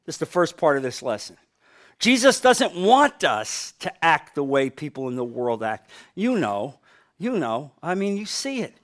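A middle-aged male pastor from New Jersey preaching a sermon, swinging from loud to quiet with emphasis. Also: sits high, big pitch swings, unhurried.

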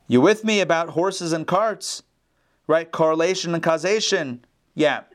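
Man, teacher, online class, video call, animated storyteller, conversational. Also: on the high side, measured pace. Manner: animated storyteller, acts out the characters. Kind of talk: casual lecture with storytelling.

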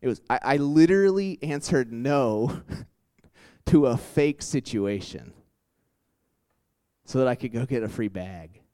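A young man preaching in a loose, conversational way, full of "like"s and quick restarts. His voice is clean and resonant at a middle pitch. He slips in and out of other people's voices when he tells a story. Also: animated, dark tone. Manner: conversational, lots of "like" and restarts, acts out quotes. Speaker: campus ministry preacher. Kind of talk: casual sermon with anecdotes.

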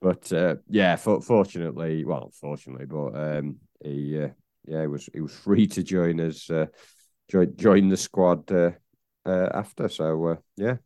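A man's voice: a bass voice, normal speed, warm tone, clear, resonant tone, no room sound. A man co-hosting a podcast, telling jokey rambling stories in casual chat. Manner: rambling, jokey storytelling with fillers. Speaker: podcast co-host.

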